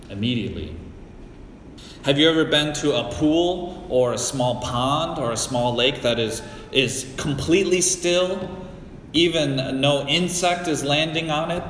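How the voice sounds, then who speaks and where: Recorded in a church sanctuary whose echoey hall gives a long reverb, a middle-aged pastor from the Great Lakes region of the US delivers his sermon slowly and deliberately, telling personal anecdotes. His voice is medium-pitched and a bit bright, and a little hiss or hum can be heard.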